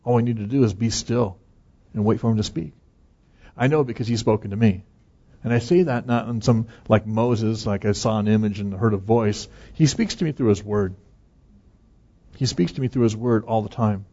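Pastor, man, husky tone; earnest conversational preaching with light chuckles, muffled low-fi sound. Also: moderate pace, warm tone. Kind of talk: conversational sermon.

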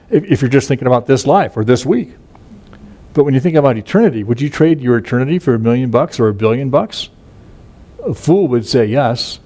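Man teaching scripture in relaxed, halting talk. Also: medium pitch. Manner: conversational, many fillers and restarts, reads scripture aloud. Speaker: pastor. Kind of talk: informal Bible teaching.

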